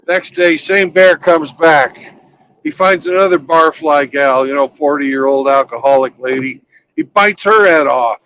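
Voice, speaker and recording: A man's voice: a little high, a bit bright, a little hiss or hum, rough recording. A man hosting a casual talk show, joking with callers and telling a long joke. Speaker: host.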